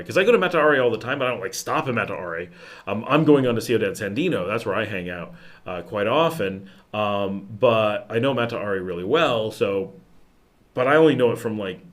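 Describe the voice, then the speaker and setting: A man from the United States hosting a live Q&A stream, talking in a rambling, conversational way, with many fillers and restarts, and his voice trails low at the ends of phrases. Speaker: livestream host answering viewer questions. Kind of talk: casual live Q&A chat.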